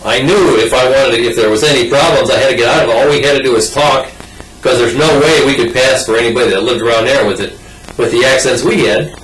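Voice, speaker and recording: Recorded from a distance, this older man has a mid-range, fairly bright voice and talks fast. His story is personal, folksy and rambling, told in a casual oral-history style with plenty of restarts and asides, and the off-mic sound is roomy.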